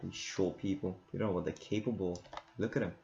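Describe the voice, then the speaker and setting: A man's voice: sits low, steady tone, quick pace, creaky, a little mellow. A man giving rambling, casual commentary while playing a game, laughing often. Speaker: gamer. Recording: dull lo-fi recording with game music. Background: game music.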